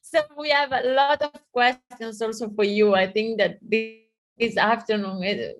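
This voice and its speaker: A woman's voice: mid-range voice, poor audio. Woman with an Italian accent moderating questions. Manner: polite, slightly hesitant questioning. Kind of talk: hosting a webinar Q&A.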